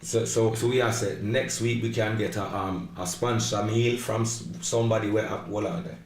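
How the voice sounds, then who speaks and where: Guy hosting a live podcast, lowish voice, echoey with a bit of hiss, playful shoutouts. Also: steady tone, normal speed. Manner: shouting out viewers by name, playful. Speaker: podcast host. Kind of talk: casual live podcast chat. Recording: roomy echo with faint background hiss.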